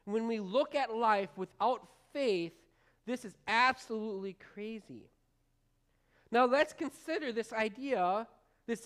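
A woman pastor giving an informal, rambling sermon, talking straight to the congregation with fillers and restarts. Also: a little high. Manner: folksy, talks straight to the congregation. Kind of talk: conversational sermon.

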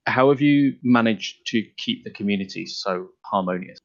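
Chatty man, low voice. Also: normal speed. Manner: chatty, laughs often. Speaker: podcast host. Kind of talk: casual podcast chat. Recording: dull lo-fi podcast audio.

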